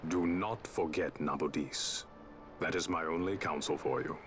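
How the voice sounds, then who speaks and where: A man's voice: rumbling low, moderate pace, a bit bright, a little hiss or hum. An actor voicing a solemn, commanding male sky pirate lord in a video game cutscene. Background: game music.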